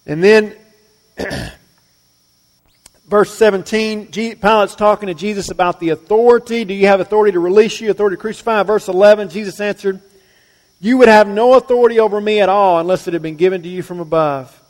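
A male pastor preaching a sermon. He swings between loud, emphatic lines and quiet, low asides. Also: brisk, long reverb tail.

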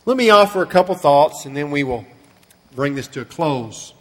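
A man with a high, light voice delivers a sermon from the pulpit. His speech rings out with the long reverb of a large hall. He retells the scripture story earnestly, slowing and softening on the grief-filled parts. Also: lively intonation. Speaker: pastor.

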